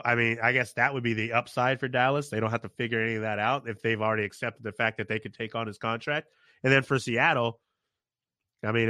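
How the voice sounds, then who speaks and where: Blunt, bright-voiced male co-host. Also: mid-range voice, dry recording, clean studio sound. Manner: blunt, opinionated, laughs often. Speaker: podcast co-host. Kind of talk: casual sports chat.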